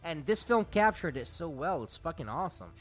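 A man co-hosting a casual podcast, riffing loudly and swearing freely. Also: on the high side, very animated, brisk. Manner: profane, rowdy, riffing. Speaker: podcast co-host. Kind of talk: casual chat.

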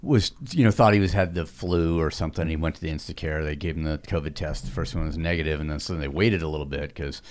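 A man's voice: extremely low pitch, fairly even intonation, quick pace, hardly any pauses, a little mellow. A man co-hosting a podcast, telling a story in a rambling way with lots of "you know" and some cursing. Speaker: podcast co-host. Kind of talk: casual storytelling chat.

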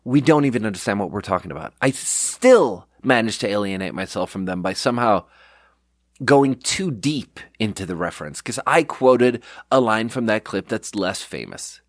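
A man's voice: lowish voice, moderate pace, dry recording, clean studio sound. A man hosting a podcast alone, talking in a rambling, digressive, self-deprecating way and acting out the people in his stories. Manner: animated storyteller who acts out quotes. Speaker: podcast host. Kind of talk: casual solo monologue.

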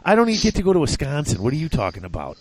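A man's voice: on the high side, wildly swooping pitch, rapid-fire, slight background noise. A man hosting a hobby gaming podcast, joking and teasing his co-host in casual chat.

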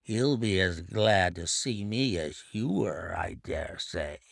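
A man's voice: low-pitched, expressive, takes it slowly, vocal fry, no room sound, studio quality, pitched below the performer's own voice, exaggerated voice. A man voicing a surly, half-drunk male servant with a thick, slurred voice and a sulky, snarling manner.

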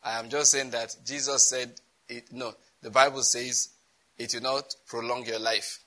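A man's voice: mid-range voice, little pitch movement, unhurried, pushed and bright, low-quality recording. A man preaching a sermon on prayer, chatty and often breaking into laughter. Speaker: pastor.

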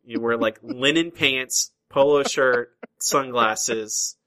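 A man's voice: medium pitch, slow, pushed and bright, poor audio. A man hosting a casual podcast chat, chatty and easygoing, often restarting his sentences. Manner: chatty, hesitant restarts, laughs easily. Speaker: podcast host.

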